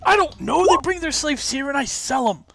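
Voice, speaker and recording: A man's voice: very high voice, expressive, normal speed, creaky, fairly bright tone, faint music behind, pitched above the performer's own voice, full character voice. Man putting on a shrieking pudgy auctioneer. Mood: pleading. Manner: shrieking, panicked yelps. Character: pudgy shady male slave auctioneer, whiny.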